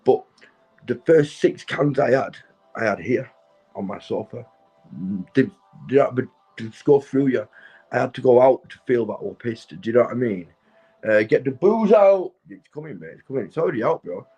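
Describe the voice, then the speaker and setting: A middle-aged man, drunk and high, rambling and swearing to his livestream viewers from his sofa at home. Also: lively intonation, fairly quick, dark tone, husky, lo-fi sound, soft background music. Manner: rambling, swearing, keeps asking "do you know what I mean". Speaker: livestream host. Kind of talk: rambling casual livestream chat.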